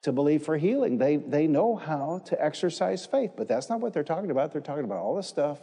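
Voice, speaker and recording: A man's voice: a little high, big pitch swings, fairly quick, dark tone, husky. A man preaching a sermon, emphatic, repeating phrases and calling on the congregation to respond. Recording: echoey hall with long reverb.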